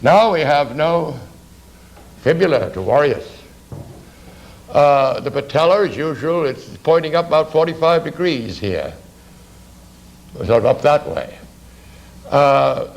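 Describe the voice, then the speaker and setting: In a low-quality recording, a man with a fairly high, expressive voice lectures on anatomy for artists at a measured pace, pausing often. He rambles conversationally, packing in fillers, asides, and plenty of "you see".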